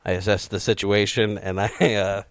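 A man's voice: on the low side, flat delivery, normal speed, heavy background noise. A man telling a story casually in conversation, laughing easily. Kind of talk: casual chat.

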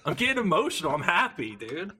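A man co-hosts a casual podcast, swearing often and hamming up his reactions. His voice sits somewhat high and leaps around in pitch. A faint hiss of noise lies under it. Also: a little fast. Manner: profane, excitable, exaggerated. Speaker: podcast co-host.

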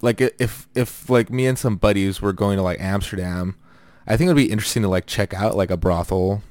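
Low-voiced American man, rambling chat. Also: a little fast, darkish tone, no echo. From United States. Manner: rambling, many fillers and restarts. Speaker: podcast co-host. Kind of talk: casual chat.

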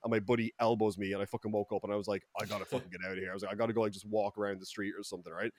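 A young Irish man telling stories in casual podcast chat, rambling and swearing, with lots of fillers and loud outbursts. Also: lowish voice, racing, dry recording. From Ireland. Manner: profane, rambling, many fillers and restarts, loud bursts when excited. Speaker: podcast co-host.

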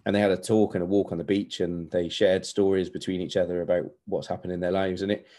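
A man's voice: sits low, little pitch movement, fast talker, mellow. A man in his forties hosting a podcast, giving an earnest, candid motivational monologue with repeated emphatic phrases. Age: 40s. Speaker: podcast host.

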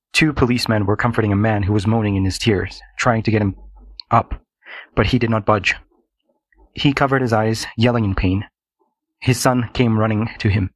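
A man narrating a scripted story in a steady, dramatic manner. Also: on the low side, no room sound.

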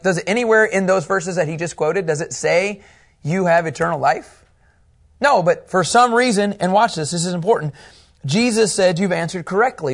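A man teaching a Bible class, animated and asking his students questions as he goes. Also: fairly high pitch.

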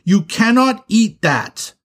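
A man's voice: medium pitch, very animated, a little slow, husky, heavily acted. A man voicing a young male skunk, a patient big brother who turns frantic when his little brother strays, in a storybook reading. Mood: alarmed, shouting.

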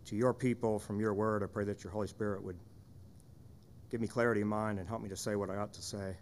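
A man's voice: on the low side, slight background noise. A man serving as pastor, delivering a sermon in an earnest, conversational way with frequent rhetorical questions.

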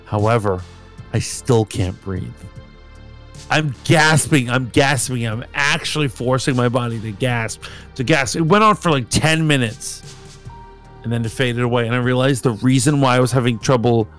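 A man's voice: mid-range voice, normal speed, fairly bright tone, soft background music. A man co-hosting a podcast, telling rambling stories in casual chat and swearing freely. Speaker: podcast co-host.

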